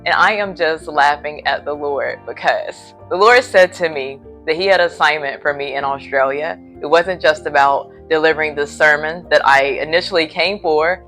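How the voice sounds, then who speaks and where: Low-voiced woman preacher, earnest vlog. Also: normal speed, hardly any pauses, a bit bright, soft background music. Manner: earnest, faith-filled retelling. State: a little sleepy. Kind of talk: casual vlog storytelling. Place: hotel room.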